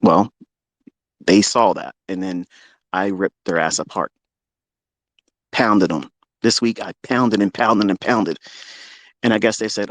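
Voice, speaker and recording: A man hosting a live audio stream, delivering a heated, profane and boastful rant that swings between loud outbursts and low muttering. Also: slow, long pauses, no room sound. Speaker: trading educator and Twitter Space host.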